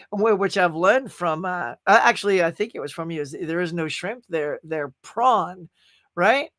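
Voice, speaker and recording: A man hosting a casual live stream, rambling and animated as he reads viewer comments. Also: high-pitched, moderate pace, dry recording, studio quality. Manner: rambling, animated, full of restarts. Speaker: livestream host.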